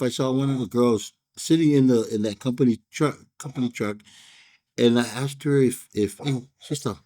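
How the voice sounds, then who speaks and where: A man with a Hawaiian pidgin accent, talking in a loose, rambling way with plenty of fillers and false starts. His voice sits a little low and sounds dark and mellow. It is easygoing cigar-review chat that keeps wandering into stories. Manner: rambling, laid-back storytelling with many fillers and restarts. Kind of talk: casual chat.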